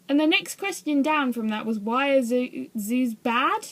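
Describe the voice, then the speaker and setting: A woman's voice: high voice, animated, unhurried, fairly bright tone. A young woman vlogging in a casual, rambling way, often hesitant and poking fun at herself. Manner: rambling, hesitant, self-deprecating. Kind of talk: casual chat to camera.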